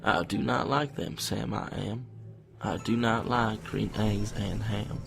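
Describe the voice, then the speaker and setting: A man reading a children's rhyme in a slow, drawling impression of a folksy politician. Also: lowish voice, vocal fry, soft background music, voice pushed down, full character voice.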